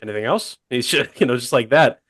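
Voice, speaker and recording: A man telling a funny story on a podcast in a deadpan, rambling way, full of fillers. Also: mid-range voice, fairly quick, husky, no room sound. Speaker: podcast co-host. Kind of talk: casual comedic storytelling.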